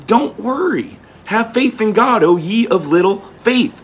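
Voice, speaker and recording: A man's voice: sits high, lively intonation, unhurried, few pauses, husky. A man preaching casually, reading old-fashioned scripture and then explaining it in plain, folksy talk, often repeating words as he goes. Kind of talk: informal scripture teaching.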